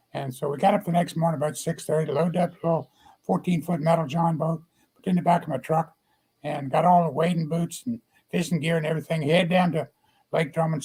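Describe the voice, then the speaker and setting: A man's voice: a little high, darkish tone, husky, low-quality recording. Older man telling folksy stories. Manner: homespun, drops in advice. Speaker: guest storyteller. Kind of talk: folksy storytelling.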